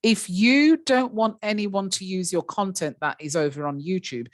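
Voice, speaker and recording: A woman's voice: mid-range voice, moderate pace, no room sound, studio quality. A woman leading a live webinar on a video call, explaining in a chatty way with lots of fillers and speaking to attendees by name. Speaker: webinar trainer.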